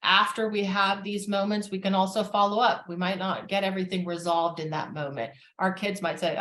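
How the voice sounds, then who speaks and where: A woman therapist giving a calm, measured educational talk on family relationships, with frequent fillers. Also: lowish voice, roomy sound.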